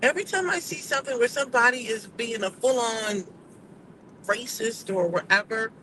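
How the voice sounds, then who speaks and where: Woman ranting to camera, sassy and emphatic, bright sharp voice, faint rumble behind. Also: moderate pace, poor audio. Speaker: vlogger. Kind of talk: casual opinion monologue.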